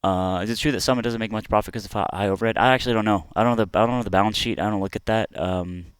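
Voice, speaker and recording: A man's voice: on the low side, steady tone, rapid-fire, clear, resonant tone, no echo. A young man co-hosting a casual podcast, reading out chat questions, swearing and laughing often. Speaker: podcast co-host.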